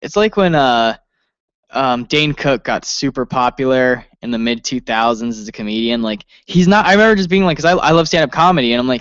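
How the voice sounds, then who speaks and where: A man co-hosting a casual wrestling review, excitable, swearing often and laughing as he talks. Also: medium pitch, brisk, clean tone, no room sound, dull audio. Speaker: podcast co-host.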